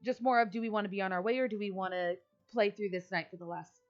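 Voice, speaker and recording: A woman's voice: mid-range voice, fast, muffled recording, soft background music. A woman running a tabletop game as game master, talking casually with many fillers.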